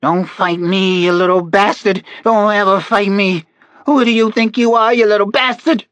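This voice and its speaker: A man's voice: a little slow, bright, forceful tone, no room sound. A man doing a shrieking old woman villain. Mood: enraged. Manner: shrill, snarling threats.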